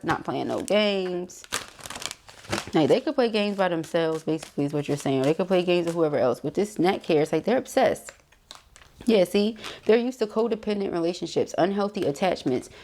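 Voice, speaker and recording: Woman, tarot reader, lowish voice, chatty and emphatic. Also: warm tone. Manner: chatty, emphatic, addresses viewers directly with asides and laughs. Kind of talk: casual tarot reading monologue.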